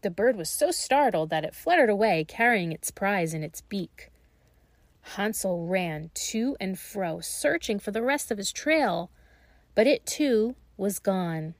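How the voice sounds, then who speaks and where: A woman reading a fairy tale aloud in a slow, gentle and expressive way. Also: mid-range voice, dry recording. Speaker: storyteller.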